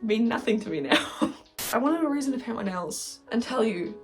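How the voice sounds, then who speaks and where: A woman's voice: on the high side, lively intonation, moderate pace. A young woman telling a rambling storytime on her bed, swearing constantly and talking animatedly while she paints her nails. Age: young adult. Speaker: vlogger. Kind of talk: casual storytime chat. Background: faint background music.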